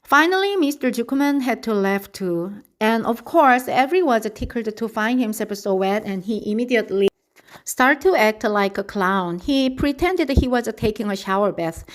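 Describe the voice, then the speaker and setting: A woman reading a children's storybook aloud at a steady, careful pace. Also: fairly high pitch, normal speed.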